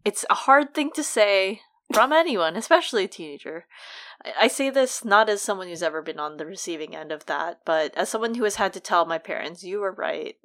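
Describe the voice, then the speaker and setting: A woman's voice: mid-range voice, expressive, fairly quick, a bit bright. A young woman co-hosting a casual book discussion podcast, chatty and laughing often as she acts out lines from the story. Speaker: podcast co-host.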